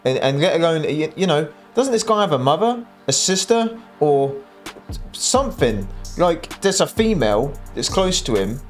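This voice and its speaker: A man's voice: fairly high pitch, very animated, normal speed, faint music behind. Exasperated man commenting on clips. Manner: exasperated, mocking asides. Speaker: reaction channel host.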